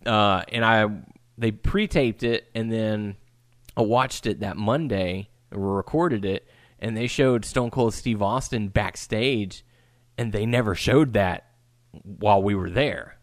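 A man in his thirties co-hosting a laid-back wrestling podcast, relaxed and given to casual cursing. His voice sits low, recorded dry and close with no room sound. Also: measured pace, no room sound. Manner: relaxed, laughs easily, curses casually. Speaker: podcast co-host.

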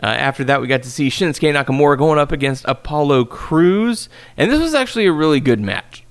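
A man's voice: on the high side, expressive. A man hosting a podcast, recapping in a casual chat with many fillers. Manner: recaps wrestling news quickly with many fillers. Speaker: podcast host.

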